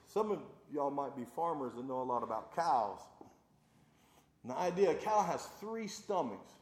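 A man in his thirties preaching a sermon, emphatic and folksy, swinging from loud declarations to hushed talk, in a roomy echoing hall. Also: fairly high pitch, lively intonation, moderate pace.

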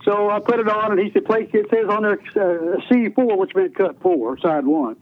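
A man's voice: high-pitched, moderate pace. An older man telling rambling, folksy stories about his radio career in an interview. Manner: folksy, rambling, many restarts. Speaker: retired radio DJ guest. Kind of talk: storytelling interview. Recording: tinny phone-line radio audio.

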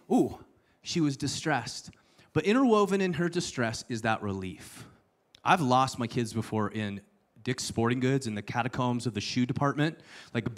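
Guy preaching, lots of pitch swings, playful asides, drops to a hush sometimes. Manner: animated storytelling with playful asides and sudden hushed lines. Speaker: pastor. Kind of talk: sermon.

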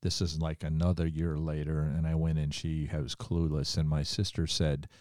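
A man's voice: a bass voice, level tone, normal speed, a little mellow, dry recording, studio quality. A man hosting a faith-based interview, telling heartfelt personal stories full of quoted dialogue. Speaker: podcast host.

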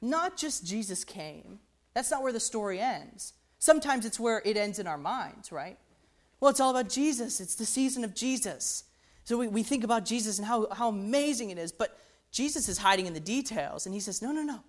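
Talking through a hymn's melody, this music teacher has a slightly high, expressive voice and a moderate pace. Her manner is conversational, with frequent "right?" check-ins and thoughtful murmurs of "interesting."

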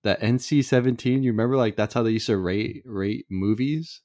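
A young man co-hosting a podcast in a relaxed, slangy way. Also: medium pitch, normal speed, no room sound, studio quality. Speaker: podcast co-host. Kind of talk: casual chat.

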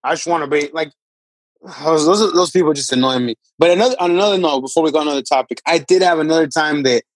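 A man's voice: on the high side, fast, dry recording, rough recording. A young man co-hosting a podcast, telling stories in casual chat with lots of fillers and acted-out quotes. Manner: rambling, filler-heavy storytelling with acted-out quotes. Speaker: podcast co-host.

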